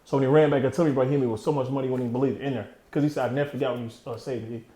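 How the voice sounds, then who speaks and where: A man's voice: mid-range voice, steady tone, very fast, warm tone, roomy sound. A man in his thirties telling his own story candidly in an interview, streetwise and heavy on slang, often trailing off. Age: 30s. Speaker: interview guest.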